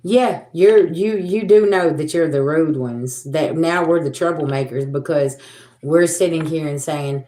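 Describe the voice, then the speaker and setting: A woman's voice: sits low, measured pace, dark tone, reverberant, a little hiss or hum. A woman giving a livestream spiritual reading, talking bluntly and profanely, repeating herself as she scolds. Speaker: tarot reader.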